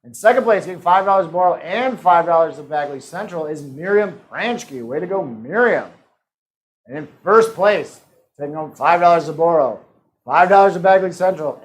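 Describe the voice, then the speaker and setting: A man's voice: a little high, rough recording. A man hosting a live-streamed trivia game in a casual, joking manner. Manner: upbeat, joking asides and quick laughs. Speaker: trivia host.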